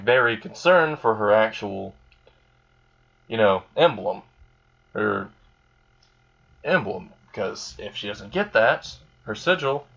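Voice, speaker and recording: A man's voice: fairly low pitch, a bit bright, muffled recording. A man casually narrating an improvised fan story, rambling and filling gaps with "like" and "you know".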